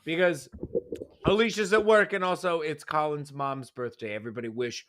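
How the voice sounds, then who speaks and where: A young man hosts a casual wrestling recap show with an upbeat, animated delivery. His voice is bright and forceful, and he often stumbles and restarts his sentences. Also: on the high side, normal speed. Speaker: host.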